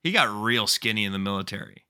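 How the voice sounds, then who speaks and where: A man co-hosting a podcast, telling stories in casual chat in an animated way, swearing freely and often laughing mid-story. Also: on the low side, quick pace, smooth. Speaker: podcast co-host.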